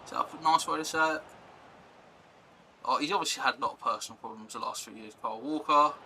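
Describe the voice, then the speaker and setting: A man's voice: medium pitch, fast talker, sharp tone, slight background noise, rough recording. A young man chatting casually on a live stream, rambling and reacting to chat and gameplay.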